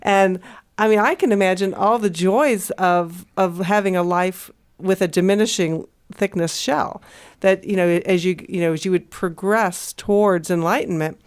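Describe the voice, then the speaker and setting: A woman's voice: medium pitch, smooth. An American woman co-hosting a conversational discussion, thinking aloud with frequent restarts and fillers. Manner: thoughtful, halting, with many restarts and fillers. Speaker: co-host.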